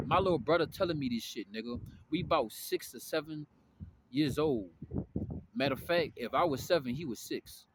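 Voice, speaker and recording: A man's voice: fairly high pitch, expressive, normal speed, vocal fry, background noise. A man giving a casual spiritual rant, full of profanity and street slang and constantly asking "you know what I'm saying". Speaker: spiritual vlogger.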